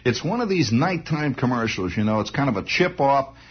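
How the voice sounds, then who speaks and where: A man doing a rambling comic monologue, animated, with restarts and vocal sound effects, on a dull lo-fi old recording. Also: mid-range voice, normal speed, breathy edge. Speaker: comedian.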